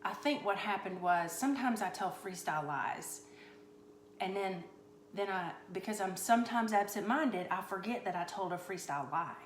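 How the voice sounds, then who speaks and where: A chatty woman tells a rambling comic story, mock-boastful and tongue-in-cheek. Her voice sits at a middle pitch. The room gives it a noticeable echo, and faint noise runs underneath. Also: animated, normal speed. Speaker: comedic cooking show host. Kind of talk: rambling comedic storytelling on a live stream.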